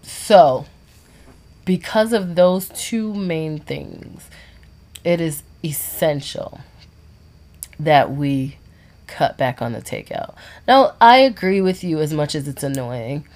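Low-voiced expressive woman co-host. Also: takes it slowly, long pauses. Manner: expressive, dramatic exclamations. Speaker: podcast co-host. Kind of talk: casual chat.

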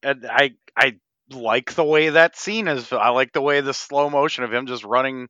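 Casting: bright, smooth-voiced man, easygoing podcast co-host, laughs a lot, dry slightly dull mic. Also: medium pitch, normal speed, dry recording. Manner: laid-back, agreeing, laughs often. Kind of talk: casual movie podcast chat.

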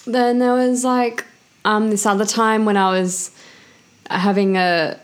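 A woman's voice: medium pitch, fairly even intonation, a little slow. A young woman co-hosting a podcast, telling a ghost story in a chatty, rambling way with many fillers and giggles. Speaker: podcast co-host. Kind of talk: casual chat, storytelling.

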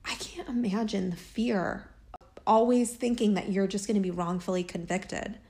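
A woman speaks straight to her audience in a casual, heartfelt way, telling a personal story with many asides. Her voice sits at a middling pitch. Her talk is loose and chatty, full of fillers. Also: fairly even intonation, normal speed, darkish tone. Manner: earnest, chatty, many fillers like "like" and "you know". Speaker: vlogger.

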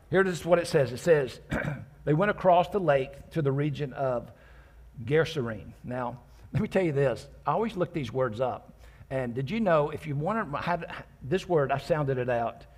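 A man preaching a sermon in a husky, slightly breathy voice. He reads scripture aloud verse by verse and explains it in an easygoing, conversational way. He throws in joking asides to his congregation. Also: a little high, expressive, normal speed. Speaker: pastor.

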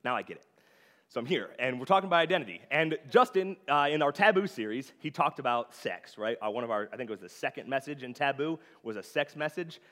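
A young male preacher talks to the congregation in a loose, chatty way, scattering filler words as he goes. His mid-pitched voice rings out with a long reverb tail through the sanctuary. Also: expressive, fast, fairly bright tone. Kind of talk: conversational sermon. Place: church sanctuary.

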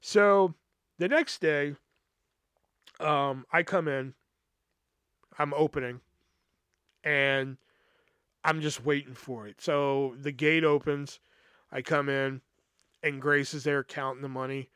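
A man's voice: a little high, fairly even intonation, slow, pauses often, a bit bright, clean tone, no echo, studio quality. A man hosting a podcast, casually telling a personal story in a rambling, profane way, full of "you know" and stammered restarts. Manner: retells past conversations with restarts and stammers.

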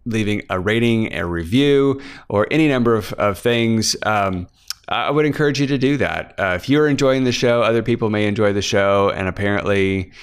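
A man from Kansas hosts his podcast, chatting casually about his writing. His voice sits a little low and sounds smooth and clear. He rambles, with frequent fillers and false starts. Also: moderate pace. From Kansas, USA. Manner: rambling, many fillers and restarts. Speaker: author and podcast host. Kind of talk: casual behind-the-scenes chat.

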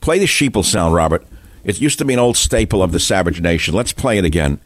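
Indignant low-voiced male radio host. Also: animated, fast, no echo, studio quality. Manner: indignant, declamatory, full of rhetorical questions. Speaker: radio talk show host. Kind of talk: radio monologue.

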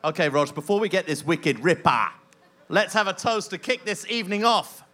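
A man's voice: high-pitched, animated, normal speed, sharp tone. A man co-hosting a podcast on stage before a live audience, teasing his partner with dry wit. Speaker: podcast co-host.

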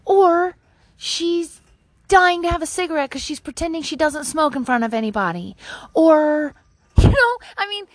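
Candid, foul-mouthed woman with a higher voice. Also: lively intonation, moderate pace, no echo. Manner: candid, rambling, swears freely. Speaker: vlogger. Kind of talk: casual advice monologue. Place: outdoors at her home, in the yard.

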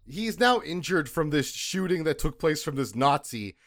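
A fairly high-voiced man retells a movie's plot on a podcast, laughing as he goes. His pitch swings widely while he mocks the scenes. The sound is dry and close. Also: moderate pace, no room sound. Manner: animated, laughing storyteller. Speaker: podcast co-host. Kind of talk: casual movie review chat.

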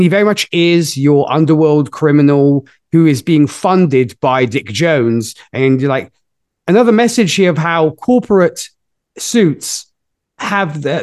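A man's voice: on the high side, dry recording, clean studio sound. A man hosting a podcast, chatting enthusiastically in a casual movie review. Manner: enthusiastic, lively storytelling. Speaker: podcast host.

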